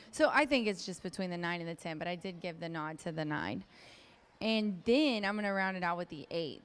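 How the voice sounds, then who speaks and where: A woman's voice: mid-range voice, smooth. A woman working as a racetrack handicapper, giving a chatty, upbeat race preview with frequent ums.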